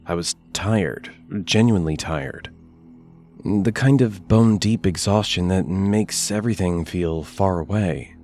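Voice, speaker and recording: A man narrating a first-person scary story in a measured, hushed delivery with deliberate pauses. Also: low-pitched, faint music behind.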